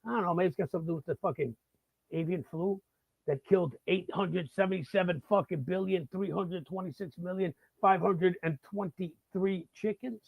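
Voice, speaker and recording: A man's voice: high-pitched, brisk, gravelly, husky, no echo, phone-quality sound. A man hosting a live show, delivering a profane, heated and sarcastic political rant. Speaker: host of a live talk show. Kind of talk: ranting political monologue.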